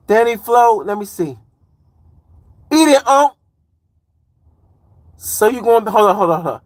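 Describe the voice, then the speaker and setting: This Chicago livestreamer and truck driver in his 40s has a very high voice with lively intonation. He speaks at a measured pace, pausing often, as he rambles in slang and reads viewers' comments aloud. There's no room sound.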